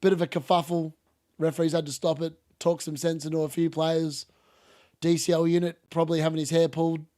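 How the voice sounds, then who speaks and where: A man hosting a live football watchalong, chatting casually and reacting excitedly to the game. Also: fairly high pitch, brisk. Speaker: watchalong host.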